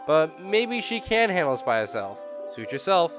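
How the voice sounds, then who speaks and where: A man's voice: a little high, sing-song, moderate pace, over music. A young man reading a visual novel game aloud and chatting between lines, his throat sore and coughing. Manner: chatty, rambling asides. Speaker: gaming video creator.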